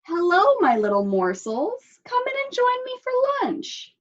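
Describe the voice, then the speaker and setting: A woman's voice: extremely high pitch, wildly swooping pitch, measured pace, pitched above the performer's own voice, heavily acted. A woman voicing a sly, hungry male wolf with oily, falsely sweet charm, in a dull lo-fi recording. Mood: sly menace.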